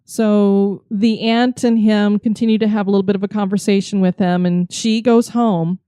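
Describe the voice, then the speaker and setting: Mellow-voiced woman telling a story. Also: medium pitch, moderate pace, clear, resonant tone, no echo, studio quality. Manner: lively storyteller. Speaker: podcast co-host. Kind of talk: storytelling podcast chat.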